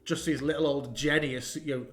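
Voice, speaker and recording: Animated game master. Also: male voice, on the high side. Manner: animated, quick, swearing, acts out quotes. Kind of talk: casual chat looking back on a campaign.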